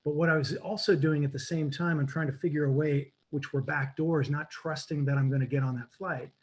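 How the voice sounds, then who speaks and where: A man on a video call telling a personal story in a live webinar, animated and dropping to a whisper for quoted lines. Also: on the high side, brisk, husky, rough recording. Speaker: guest coach.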